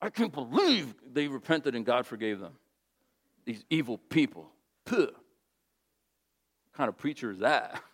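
A man's voice: mid-range voice, very animated, a little slow, pauses often. A man voicing a resentful male prophet who does not want his enemies forgiven, speaking with a raised voice. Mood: fuming. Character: bitter angry male prophet.

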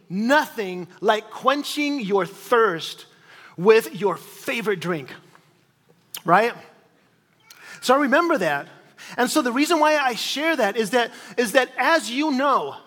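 A man's voice: very high-pitched, animated, slow, fairly bright tone. A pastor in his forties giving a sermon, talking conversationally and with animation, with repeated phrases and questions to the congregation. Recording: reverberant hall.

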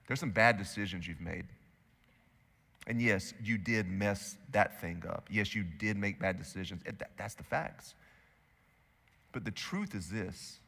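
Guy pastor preaching, forceful bright voice, gets loud then drops real quiet, big echoey church hall. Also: lowish voice, fairly even intonation, normal speed, gravelly. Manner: emphatic preaching that swings between loud and hushed. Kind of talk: sermon.

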